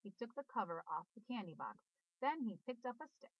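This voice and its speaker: A woman reading a children's storybook aloud in an expressive, sing-song way. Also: on the high side, a little fast, husky, dry recording. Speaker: storybook reader. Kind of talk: children's book read-aloud. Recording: dull dry recording.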